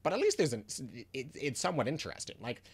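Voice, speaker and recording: A man's voice: mid-range voice, wildly swooping pitch, fast talker, breathy edge. A man giving a casual video review of a card game, ranting in frustration with lots of restarts and fillers.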